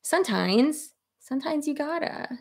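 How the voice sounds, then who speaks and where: A woman's voice: sits high, animated, normal speed, gravelly, a little mellow. A woman in her thirties chatting casually at her desk while doing her hair, rambling and laughing often. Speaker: YouTuber. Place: home office at her desk.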